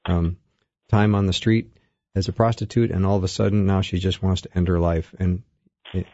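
A man's voice: low voice, steady tone, moderate pace, dark tone, no echo, muffled recording. A man co-hosting a recovery talk radio show in a chatty, self-deprecating way.

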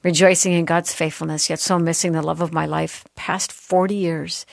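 A woman with a low, gravelly voice hosts a faith-based talk show. She reads listener messages gently and answers with tenderness. The sound is close and dry, like a studio mic. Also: flat delivery, normal speed, hardly any pauses, dry recording. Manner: gentle, tender, softening at heartfelt moments. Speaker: host. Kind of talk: reading listener texts on a Christian talk show.

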